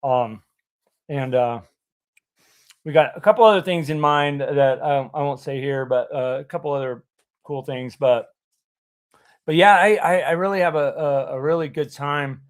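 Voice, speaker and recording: Halting, filler-heavy male stream host. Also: on the high side. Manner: halting, full of fillers and restarts. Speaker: livestream host. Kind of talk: casual livestream chat.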